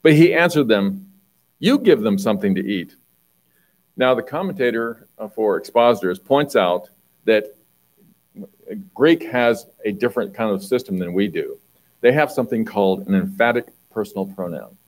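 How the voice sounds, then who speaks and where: A man preaching a conversational sermon, reading Bible passages and explaining them, often clearing his throat. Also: lowish voice, lively intonation, normal speed, rough recording.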